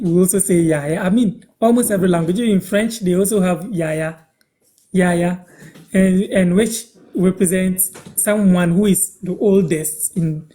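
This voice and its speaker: A man's voice: fairly high pitch, warm tone. Ghanaian man teaching words on a live stream. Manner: repeats phrases slowly for learners. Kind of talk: casual live-stream language lesson.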